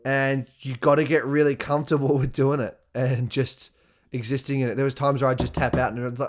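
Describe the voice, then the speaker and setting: A man's voice: medium pitch, fairly quick. A male podcast host in a loose, unscripted monologue. He swears freely, laughs often and breaks into acted-out quotes of himself, with an everyday mid-range voice. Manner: profane, animated storytelling with laughs and acted-out quotes. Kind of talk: casual solo podcast monologue.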